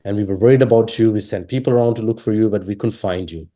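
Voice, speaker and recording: A man from Pakistan, telling his personal story in an interview, halting and full of fillers and restarts. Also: fairly low pitch, dark tone. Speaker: interviewee sharing his testimony.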